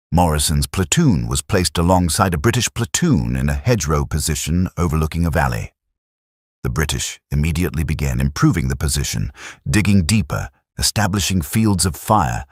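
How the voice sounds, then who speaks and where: Very deep, husky male narrator. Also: no echo, studio quality. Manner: steady storytelling. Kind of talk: scripted war story narration.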